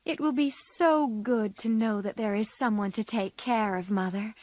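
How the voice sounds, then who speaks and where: A woman's voice: fairly high pitch, normal speed, a little mellow, dry recording, close to an everyday voice. A woman doing a kind, sensible elder sister. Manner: kind, grateful. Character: caring, sensible eldest sister.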